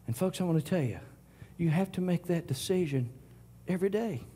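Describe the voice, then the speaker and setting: A middle-aged man preaching a sermon, swinging from loud declarations to hushed whispers. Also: high voice, expressive, a little fast, slight background noise. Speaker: pastor.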